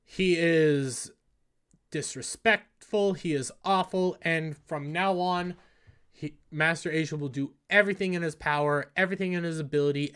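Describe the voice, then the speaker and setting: A man's voice: on the high side, a bit bright, clear, resonant tone. A man hosting an anime review, recapping an episode in a casual, earnest way and often restarting and repeating phrases.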